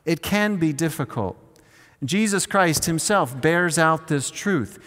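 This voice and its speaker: A man preaching a sermon in an earnest way, slowing down on key phrases and leading the congregation to repeat lines after him. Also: a little high, expressive, a bit bright, big-room sound. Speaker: pastor.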